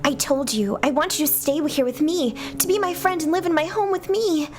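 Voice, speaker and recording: A cruel, possessive game girl who scolds and threatens, set a little high and cutting, as a woman plays her over a faint music bed. she never lets up on her menace. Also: a little fast, natural voice. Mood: menacing. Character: jealous possessive girl villain.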